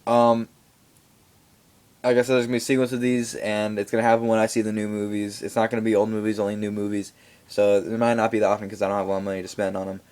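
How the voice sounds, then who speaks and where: Young man, casual vlog movie review, rambling, lots of fillers, animated delivery. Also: on the low side, fast.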